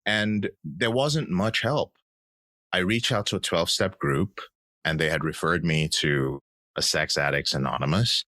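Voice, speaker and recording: A man's voice: low voice, measured pace, sharp tone, dry recording. A man in his thirties, a podcast guest, telling his personal story in an earnest, reflective way. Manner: earnest, reflective, acts out quoted voices.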